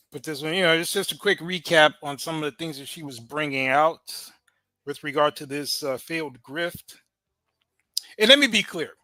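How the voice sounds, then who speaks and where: Podcast host guy, bright slightly high voice, chatty w lots of ums and chuckles, dry close sound. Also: no echo. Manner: conversational, laughs often, many fillers. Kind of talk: casual commentary.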